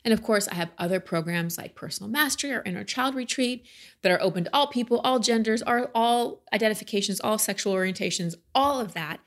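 In a quick-paced podcast monologue, a middle-aged life coach talks in a medium-pitched voice. Her manner is sincere and conversational, punctuated by little laughs.

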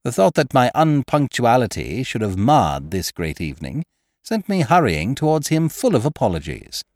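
A man narrating a classic story in a measured, wry storytelling manner, close to the mic. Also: medium pitch, huge pitch swings, darkish tone, dry recording. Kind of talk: audiobook reading of a classic story.

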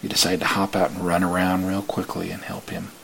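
A man narrating a story in the second person in a slow, hushed way that sometimes drops to a whisper. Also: low voice, completely flat delivery, vocal fry, slight background noise, low-quality recording.

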